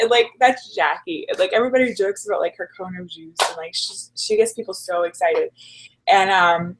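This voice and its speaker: A woman's voice: medium pitch, fairly quick, rough recording. A woman telling stories in a casual interview, chatty and full of "like" fillers. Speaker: guest. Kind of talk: casual storytelling chat.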